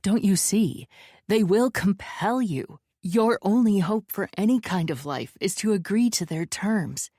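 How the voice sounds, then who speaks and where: A woman's voice: sits low, big pitch swings, a little slow, gravelly, hardly any pauses, dry recording, clean studio sound, full character voice. A woman voicing a desperate young man who pleads urgently. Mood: pleading.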